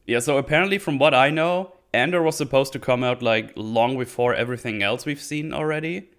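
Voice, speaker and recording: A man's voice: mid-range voice, fairly quick, hardly any pauses, fairly bright tone. A man giving casual livestream commentary on a TV show, rambling and hesitant as he thinks aloud. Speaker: streamer reviewing a TV show.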